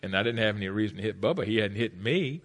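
Bright-voiced middle-aged man telling his story. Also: on the low side, lively intonation, fast. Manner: emphatic, swings between hushed and loud. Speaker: motivational speaker. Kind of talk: personal story speech to an audience.

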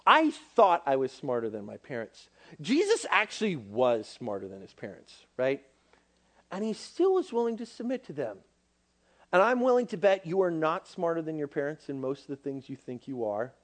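Animated young male youth preacher. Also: on the high side, moderate pace. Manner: animated, acts out dialogue, many fillers. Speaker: youth pastor. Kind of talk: sermon to young people.

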